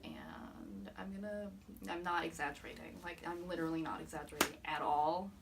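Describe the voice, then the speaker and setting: A woman's voice: low-pitched, animated, brisk, recorded from a distance, a little hiss or hum. A young woman recapping a fan meet in a vlog, gushing, swearing a lot and laughing often. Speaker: vlogger.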